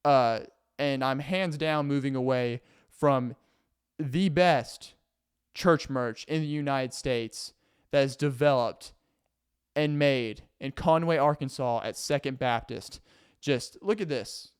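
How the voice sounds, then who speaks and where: Smooth-voiced young man rambling comedically. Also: mid-range voice, slow pace. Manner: rambling, filler-heavy, self-interrupting. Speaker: vlogger. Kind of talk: casual comedic monologue.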